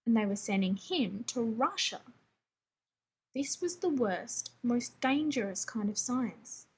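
A woman reading a story aloud in a wry, even way. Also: on the high side, breathy edge, rough recording. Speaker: reader.

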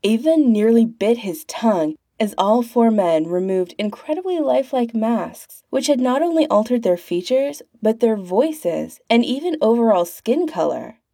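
A woman's voice: fairly high pitch, animated, moderate pace, few pauses, warm tone, dry recording, clean studio sound. A woman reading a fan-written story aloud as a narrator, putting on voices for the characters. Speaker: fan fiction reader.

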